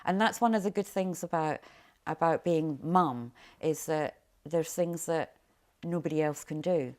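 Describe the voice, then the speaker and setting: A middle-aged woman, a mother, recounting her past in a documentary interview, speaking quietly and haltingly, often trailing off low.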